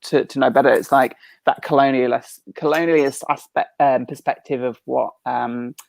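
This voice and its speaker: A woman's voice: extremely low pitch, fairly even intonation, normal speed, vocal fry, a little mellow, no room sound. A woman from Britain hosting a casual chat over a video call from her living room, bubbly and laughing often. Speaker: host.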